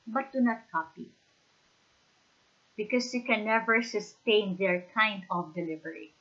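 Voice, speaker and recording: A woman's voice: mid-range voice, pushed and bright, dull audio. A woman teacher with a Filipino accent, giving an instructional lecture and checking in often with the listeners. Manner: emphatic, repeats "okay?" to check understanding.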